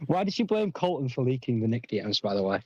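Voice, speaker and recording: A man's voice: mid-range voice, big pitch swings, fast talker, breathy edge, no room sound, lo-fi sound. A man arguing in a voice call in a mid-range voice. He presses hard and accuses, stumbling over his words as he goes. His sound is dry and close. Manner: pushy, accusing, stumbling restarts. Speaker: caller in a voice call. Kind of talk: argumentative call chat.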